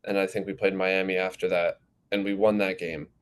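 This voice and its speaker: A teenage young man from New Jersey, answering interview questions in a relaxed, rambling way with plenty of fillers. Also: deep voice, fairly quick, clear, resonant tone. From New Jersey, USA. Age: teens. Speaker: goalkeeper guest.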